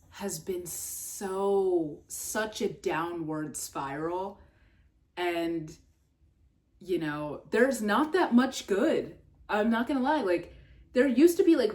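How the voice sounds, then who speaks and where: A young adult woman vlogging in a casual, rambling way, full of fillers and swearing, jumping up in pitch when exasperated. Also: a little mellow. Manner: filler-heavy, swears, trails off and restarts.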